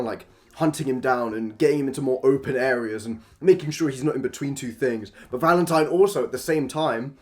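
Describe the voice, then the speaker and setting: A man giving a casual, opinionated review monologue about a manga, blunt and profane, swinging between rants and gushing. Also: medium pitch.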